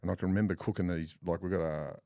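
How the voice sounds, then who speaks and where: A middle-aged Australian man telling rough stories in casual chat, swearing freely and laughing as he goes. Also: low voice, fast, dry recording, clean studio sound. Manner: swears often, animated yarn-spinning with laughs. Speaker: podcast guest.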